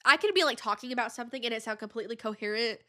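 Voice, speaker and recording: A woman's voice: on the high side, very fast, a bit bright. A woman hosting her podcast in casual solo chat, rambling and drifting between thoughts, with a stuffy nose. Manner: rambling, digressive, heavy use of "like". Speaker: podcast host.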